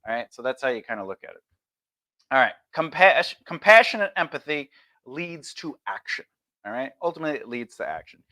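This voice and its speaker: A man's voice: mid-range voice, big pitch swings, brisk, pushed and bright. A man streaming a casual lesson on conversation skills, talking loosely and acting out example replies.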